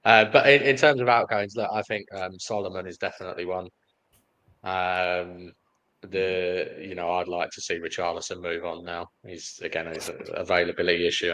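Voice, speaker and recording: A man with a very low voice, a guest on a casual football panel who lays out his points in a measured, analytical way. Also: a bit bright, poor audio.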